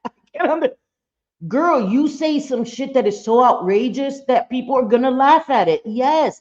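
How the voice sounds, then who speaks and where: A woman's voice: high voice, muffled recording. A woman hosting a live reaction stream, talking bluntly and profanely and getting fired up.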